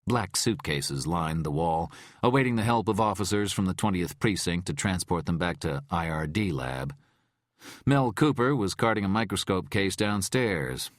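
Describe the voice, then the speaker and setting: A male audiobook narrator with a very low voice that still rises and falls with lively expression. The reading is measured and close, recorded dry with no room sound. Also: dry recording. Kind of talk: scripted narration.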